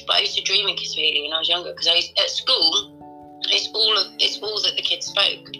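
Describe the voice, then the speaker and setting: A woman's voice: on the low side, fast, creaky, bright, forceful tone, soft background music, rough recording. A woman co-hosting a casual podcast, rambling playfully and swearing freely as she chats. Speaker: podcast co-host. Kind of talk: casual chat. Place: Devon, England.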